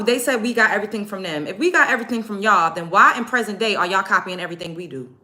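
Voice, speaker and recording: Blunt, profane woman with a bright voice. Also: mid-range voice. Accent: African American English. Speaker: vlogger. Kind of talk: get-ready-with-me rant to camera.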